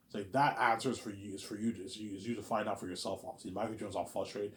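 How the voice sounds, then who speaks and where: Man, low voice, rambling vlogger who keeps saying "you know what I'm saying" and jumps loud to act out lines. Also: rapid-fire. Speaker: vlogger pitching a movie idea. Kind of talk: rambling casual monologue to camera.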